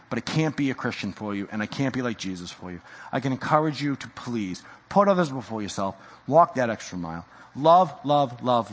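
A male pastor preaching a sermon in a church, swinging from loud exhortation to hushed intensity. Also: mid-range voice, long reverb tail.

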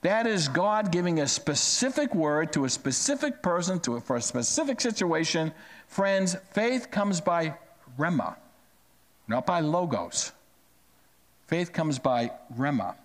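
Lively, emphatic male preacher. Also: a little slow. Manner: emphatic, drops pitch to stress key words; asks and answers his own questions. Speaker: pastor. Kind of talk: sermon.

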